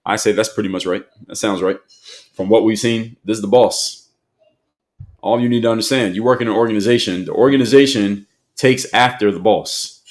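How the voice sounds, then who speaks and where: A man's voice: on the low side, fairly even intonation, fairly quick. A man hosting an opinion commentary show, speaking emphatically and repeating his points for effect.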